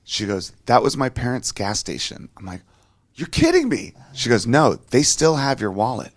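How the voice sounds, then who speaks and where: A man's voice: medium pitch, normal speed, no room sound. A middle-aged man animatedly telling a road-trip anecdote, swearing freely and acting out other people's lines. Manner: swears freely, acts out quoted voices. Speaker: interview guest.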